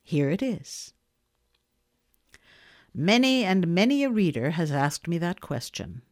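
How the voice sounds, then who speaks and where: A woman giving a dramatic first-person reading of a short story, moving between hushed and intense. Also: lowish voice, big pitch swings, slow. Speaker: audiobook narrator.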